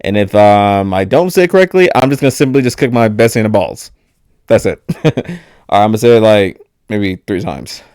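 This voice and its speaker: A young man talks loosely into a handheld mic, cursing, joking and breaking into laughter between filler words. His voice sits low, and the sound is close and dry with no room around it. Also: lively intonation, fairly quick, darkish tone, smooth, no room sound. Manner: profane, joking, laughs often, trails off with fillers. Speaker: vlogger. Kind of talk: rambling casual monologue to camera.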